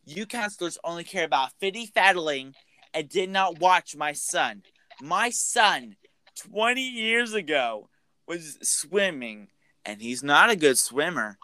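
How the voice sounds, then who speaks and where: A man doing a shrill vengeful mother. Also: pushed and bright, no room sound. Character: vengeful grieving female camp cook, middle-aged.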